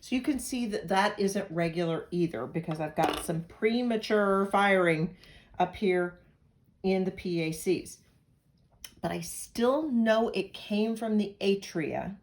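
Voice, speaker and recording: A woman's voice: medium pitch, a little slow. A woman from Pennsylvania giving a recorded lecture as an instructor, talking in a conversational way with analogies and asides. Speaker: nursing instructor.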